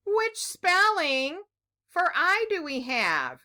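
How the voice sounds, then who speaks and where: Woman teacher, children's phonics lesson; slow, bright, encouraging sing-song delivery. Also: high voice, lively intonation.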